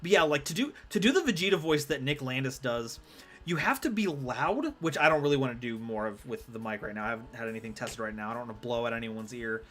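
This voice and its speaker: A man's voice: mid-range voice, animated, quick pace, a bit bright, soft background music. A man streaming a card game live, rambling and self-deprecating as he chats with his viewers. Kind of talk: live gameplay commentary.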